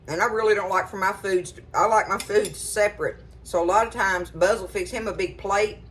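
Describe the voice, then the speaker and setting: A middle-aged woman, chatting casually to viewers about cooking in her home kitchen. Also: medium pitch. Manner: folksy and chatty, addresses viewers as y'all. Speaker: cooking show host.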